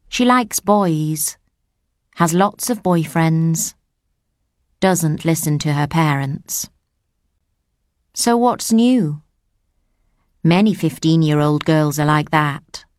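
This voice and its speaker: A woman reading a first-person audiobook story in a plain, measured way. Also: sits low, a little mellow, no room sound, clean studio sound. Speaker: audiobook narrator. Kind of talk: scripted first-person narration.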